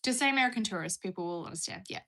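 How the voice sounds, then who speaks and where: A woman's voice: medium pitch, animated, very fast, bright, forceful tone. An Australian woman chatting casually on a live stream, reading viewer questions aloud and rambling through her answers.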